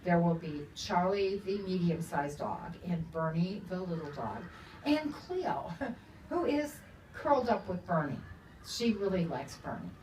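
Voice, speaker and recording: A woman's voice: on the low side, sing-song, a little slow, a little mellow, slight background noise. Older woman author chatting in a roomy store. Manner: chatty, laughs often. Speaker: author at a book talk. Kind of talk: casual storytelling to an audience. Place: bookstore event room. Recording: roomy, from a distance, faint ambience.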